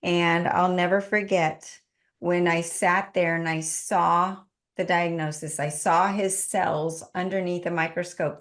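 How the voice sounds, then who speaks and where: A woman in her forties, a podcast guest, telling a personal story in an earnest, heartfelt way. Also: lowish voice. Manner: earnest, heartfelt, lists things in a steady run. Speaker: podcast guest, business owner.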